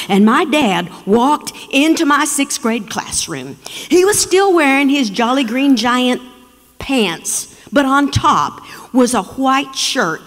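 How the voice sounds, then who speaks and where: A woman from Texas telling a story on stage, dramatic and slowing for emphasis. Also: high-pitched, sing-song, fairly bright tone. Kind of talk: live storytelling performance. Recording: long reverb of a performance hall.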